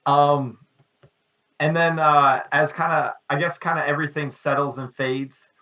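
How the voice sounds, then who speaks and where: A man's voice: fairly high pitch, fairly even intonation, unhurried, bright, forceful tone. A man playing a tabletop game who talks hesitantly, with many fillers and trailing phrases. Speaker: player. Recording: dull, distant mic.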